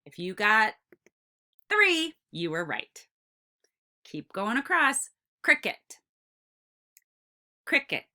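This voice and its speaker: A woman records a lesson for kindergartners, speaking slowly in a bright, lively voice that swoops up and down. Her pitch is a little high, and she draws out her words encouragingly for the young children listening.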